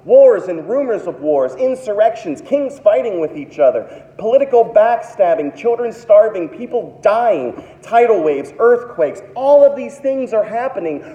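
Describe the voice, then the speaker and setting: Brief: male pastor, 30s, dramatic sermon delivery, mellow tone, long hall reverb. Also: high-pitched, big pitch swings, a little slow, hardly any pauses. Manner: dramatic, acts out quoted voices. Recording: echoey hall, dull lo-fi sound.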